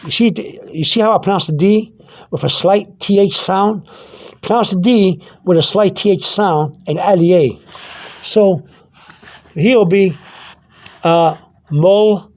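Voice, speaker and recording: Man, high-pitched voice, casual vocabulary lesson, halting and repetitive, keeps asking okay. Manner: halting, repeats words and checks in with "okay?". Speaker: language teacher. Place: indoors, pointing at a product label.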